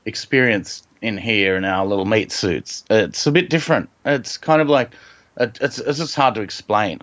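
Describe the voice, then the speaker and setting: Low-voiced Australian man, halting storyteller. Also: fairly bright tone, muffled recording. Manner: reflective, halting, frequent ums and restarts. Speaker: podcast guest. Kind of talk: personal storytelling in conversation.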